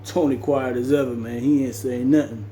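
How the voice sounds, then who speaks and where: A man's voice: medium pitch, fairly even intonation, normal speed, mellow, slight background noise. Slangy man telling a story. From Jamaica. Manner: slangy, conversational, loose and rambling. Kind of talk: casual storytelling.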